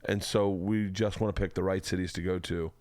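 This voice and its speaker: A man's voice: low-pitched, fairly even intonation, brisk, a little mellow, dry recording. A man from Florida hosting a casual podcast chat, rambling and laid-back with frequent laughs. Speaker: podcast host. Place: home studio room.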